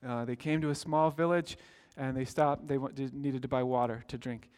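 A man's voice: medium pitch, steady tone, moderate pace, a little mellow, clear, resonant tone. A man preaching a sermon as pastor, earnest and storytelling, building to emphatic exclamations.

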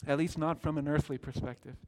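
A man with a notably high speaking voice delivers a sermon as pastor. He tells stories plainly, then lifts into earnest, emphatic calls to his listeners. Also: steady tone, a little fast, darkish tone. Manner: earnest preaching with rising emphatic exclamations.

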